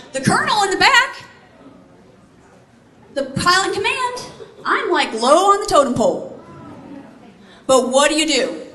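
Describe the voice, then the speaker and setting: A woman's voice: extremely high pitch, sharp tone. A middle-aged woman giving a speech to a live audience, telling a story animatedly and quizzing her listeners. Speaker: keynote speaker, former Army helicopter pilot. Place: large room before a live audience. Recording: echoey hall, faint ambience.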